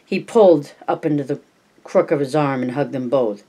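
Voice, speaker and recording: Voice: medium pitch, normal speed, dark tone, husky. An amateur reader narrating a novel at home, unpolished, with slips and restarts. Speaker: audiobook reader. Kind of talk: casual audiobook reading.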